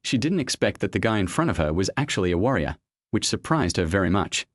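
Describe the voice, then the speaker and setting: A man reading a serialized story as narrator in an even storytelling manner. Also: low-pitched, fast talker, no room sound, studio quality.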